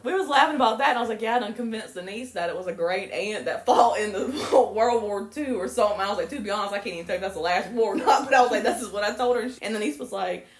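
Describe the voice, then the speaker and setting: A young woman, co-hosting a podcast and telling stories in a casual chat, swearing freely and breaking into high laughter. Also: fast, hardly any pauses. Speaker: podcast co-host. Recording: roomy echo.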